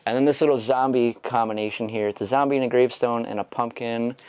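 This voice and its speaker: A man's voice: medium pitch, steady tone, fast talker, darkish tone, clear, resonant tone, no echo. A man co-hosting a livestream, chatting casually in a rambling way and laughing often. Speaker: livestream co-host. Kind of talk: casual stream chat.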